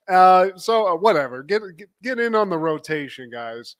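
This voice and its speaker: A man co-hosting a casual livestream, retelling scenes from a show with lively acted-out quotes and frequent laughter. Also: high-pitched, measured pace. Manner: animated storytelling, acts out quotes, laughs often. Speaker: podcast co-host. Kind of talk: casual recap chat.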